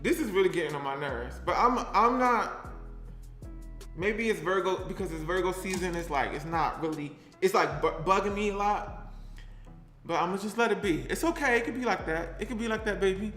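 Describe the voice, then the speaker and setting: A man's voice: high voice, normal speed, a bit bright, soft background music. Sassy young man in an echoey kitchen. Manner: sassy, chatty, talks to the camera and to his things. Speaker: cooking vlogger. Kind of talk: casual cooking vlog.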